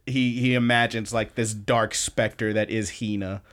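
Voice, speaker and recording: A man's voice: lowish voice, fairly even intonation, moderate pace, a bit bright. Man, podcast co-host, casual recap chat, enthusiastic, rambling, lots of restarts.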